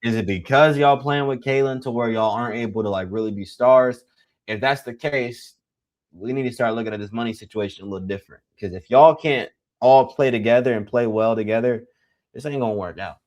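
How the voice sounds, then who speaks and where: A young man giving casual live play-by-play commentary, excitable and teasing, full of slang. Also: mid-range voice, fairly quick.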